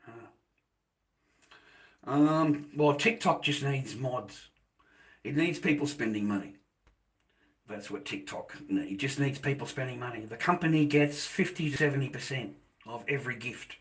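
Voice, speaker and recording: A man's voice: medium pitch, normal speed, long pauses. A middle-aged Australian man ranting bluntly to his livestream chat, swearing freely as he rambles.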